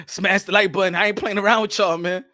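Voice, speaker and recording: A man hosting a boxing channel, ranting loudly in a mock-preacher style, laughing and breaking into song. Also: high-pitched, fairly even intonation, moderate pace. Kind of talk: excited livestream rant.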